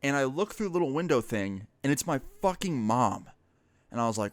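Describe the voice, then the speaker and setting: A man's voice: medium pitch, very animated, brisk, no room sound. Young man casually telling a story. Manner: casual, profane, rambling with fillers. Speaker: vlogger.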